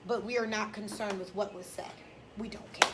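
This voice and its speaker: A woman teaching a high school English class, lecturing in a blunt, sassy, emphatic way. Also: fairly even intonation, normal speed, very noisy.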